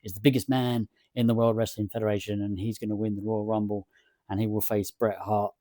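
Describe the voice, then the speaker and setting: A boastful male wrestling manager hypes up his huge fighter, as a man reads him out. The voice is mellow and dry, a little halting. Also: lowish voice, little pitch movement, dry recording, lightly acted.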